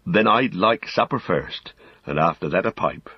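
A man reading, voicing a wounded young male hobbit who is homely, slow-spoken and wistful. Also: low voice, lively intonation, breathy edge, dry recording, highs cut off, full character voice.

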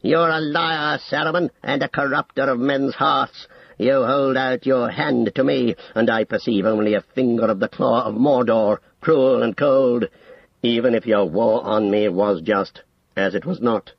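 A man doing a gravelly, defiant old king. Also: medium pitch, fairly even intonation, dry recording. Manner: slow, weighty, accusing declarations. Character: aging male king, defiant and stern. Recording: dull lo-fi audio, dry.

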